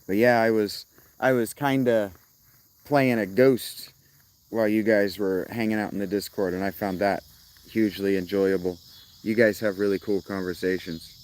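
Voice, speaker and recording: A steady, slightly mellow voice on the low side, moving at a moderate pace, belongs to a man talking casually with his stream viewers. He's outdoors in a rural spot with crickets, rambling, restarting his sentences, and laughing often.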